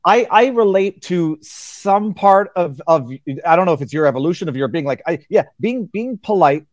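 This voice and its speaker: A man's voice: high-pitched, expressive, normal speed. A man hosting an interview, often stammering and hesitating as he tries to get a word in. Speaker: interviewer, host. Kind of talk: interview conversation.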